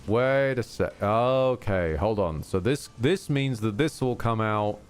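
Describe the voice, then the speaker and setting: A man's voice: on the low side, lively intonation, slow, clean tone, faint music behind. A man streaming a video game, chatting casually with rambling asides and frequent self-corrections. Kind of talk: casual live gameplay commentary.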